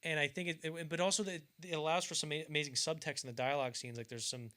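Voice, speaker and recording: Bright-voiced man rambling about films. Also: fairly high pitch, steady tone, rapid-fire. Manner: rambling, stumbles and restarts, acts out quotes. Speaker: podcast host. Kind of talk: casual film discussion.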